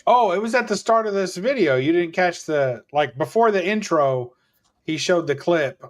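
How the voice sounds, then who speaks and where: A man's voice: sits high, expressive, moderate pace. A man on a livestream explaining things in a helpful, matter-of-fact way. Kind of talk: casual livestream chat.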